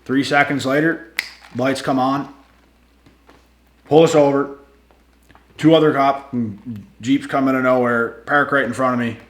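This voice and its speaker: A man telling a personal story to his viewers in a casual, animated way, slangy and swearing freely. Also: medium pitch, a little slow, long pauses, reverberant.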